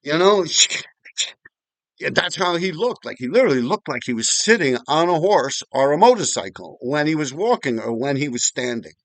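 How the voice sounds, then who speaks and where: A man in his 50s, a vlogger, rambles through neighborhood stories in a casual, profane way, often restarting and drifting into asides. His voice sits on the high side with a sing-song lilt, moving at normal speed with no echo.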